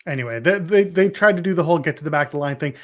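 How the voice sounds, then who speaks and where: A young man co-hosting a podcast, casually chatting about wrestling with quick joking asides. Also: on the high side, expressive, fairly bright tone. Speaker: podcast co-host.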